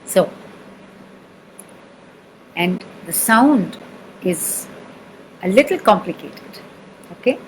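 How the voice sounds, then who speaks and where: A woman's voice: mid-range voice, lively intonation, very slow, pauses often, slight background noise, rough recording. A woman with an Indian accent teaching sound healing, patiently repeating syllables and checking that the listener follows. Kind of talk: spoken lesson with chanting demonstrations.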